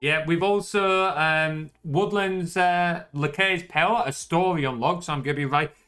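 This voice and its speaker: Bright-voiced Yorkshire man streamer. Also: fairly high pitch, normal speed, clear, resonant tone, soft background music. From northern England. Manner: laid-back, chatty, swears casually. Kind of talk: casual chat.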